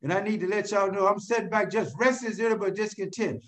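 High-voiced man telling a story to a crowd. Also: fairly quick, few pauses. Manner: animated storyteller who keeps asking the crowd rhetorical questions; addresses listeners directly by name. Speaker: speaker sharing his recovery story. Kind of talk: storytelling talk to a live audience.

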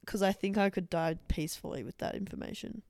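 Young woman, podcast co-host, playful and teasing, smooth low voice, dry close mic. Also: steady tone, fast, darkish tone, dry recording. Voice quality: playful, teasing, laughs easily. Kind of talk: casual chat.

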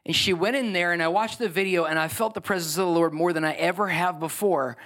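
High-voiced pastor preaching earnestly. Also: male voice, steady tone, quick pace, few pauses, fairly bright tone. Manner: earnest, emphatic preaching with frequent restarts. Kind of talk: sermon. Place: church, speaking to a congregation. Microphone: handheld or stage microphone.

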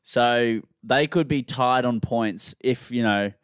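A man's voice: medium pitch, takes it slowly, clean tone, no room sound, clean studio sound. A man, hosting a casual podcast chat and rambling enthusiastically about sport. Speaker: podcast host.

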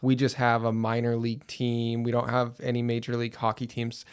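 Gravelly-voiced male podcast host. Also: medium pitch, monotone, fairly quick. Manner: chatty, enthusiastic about hockey. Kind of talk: casual conversation.

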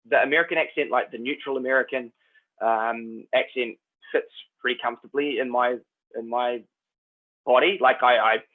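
A New Zealand man with a Kiwi accent, an actor chatting as a guest in a relaxed, rambling way. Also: medium pitch, moderate pace. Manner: laid-back, rambling, says "man" and "like" a lot. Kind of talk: casual chat. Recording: tinny phone-like line.

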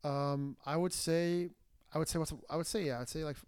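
A man's voice: fairly high pitch, fairly even intonation, moderate pace, darkish tone, clean tone. A young man hosting a podcast in casual chat, talking in loose bursts full of fillers and uneasy laughs. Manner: chatty, many fillers, nervous laughs. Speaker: podcast host.

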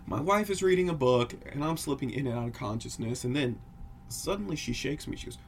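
A man co-hosting a podcast, telling a creepy story in casual chat, acting out noises and dropping to a hush for tense parts. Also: medium pitch, a little fast, a little hiss or hum. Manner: animated, acts out creaks and drops to hushed tones. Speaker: podcast co-host.

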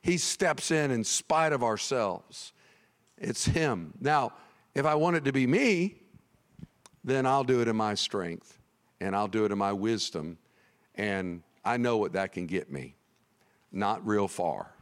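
A man preaching a sermon to his congregation in a church. His voice swings widely in pitch, and he speaks in an animated, conversational way that sometimes climbs to near shouting. He sounds tired. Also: slow, long reverb tail. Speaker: pastor.

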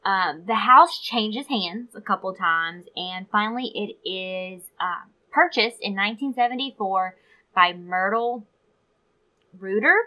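A woman's voice: mid-range voice, measured pace, sharp tone, low-quality recording. A woman co-hosting a podcast, retelling a story from her research in casual chat with asides. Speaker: podcast co-host.

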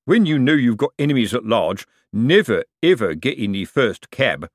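A man's voice: medium pitch, big pitch swings, moderate pace, dry recording, studio quality. A man voicing a pompous, gloomy middle-aged police sergeant who lectures his partner like a know-it-all. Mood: lecturing.

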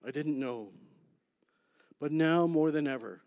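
Speaking as a guest in the style of a church testimony, a man recounts his story with earnest, deliberate phrasing and pauses for effect. He frequently lowers to an intense whisper-like hush; his voice runs high, trailed by a long reverb.

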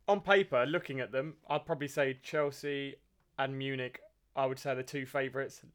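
A young man co-hosting a casual football podcast, speaking in a relaxed, measured way with a few hesitant restarts. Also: mid-range voice. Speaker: podcast co-host.

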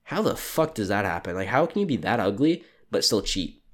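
Ranting young man, low voice. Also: big pitch swings, brisk. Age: young adult. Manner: crude, sardonic, ranting. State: sleep deprived. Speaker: podcast host. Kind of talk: profane solo rant.

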